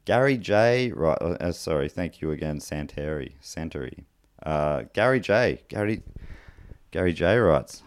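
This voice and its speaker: Deep-voiced man, rambling podcast host. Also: expressive, a little slow, no echo. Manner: rambling, loose, lots of fillers and restarts. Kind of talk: casual podcast chat, reading listener mail.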